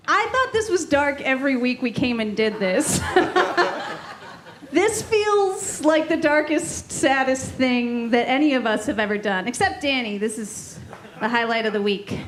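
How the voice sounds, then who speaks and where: A woman's voice: high-pitched, expressive, measured pace, fairly bright tone, a little hiss or hum. A woman doing a sardonic, profane stand-up set, teasing the crowd. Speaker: stand-up comedian. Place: comedy club stage.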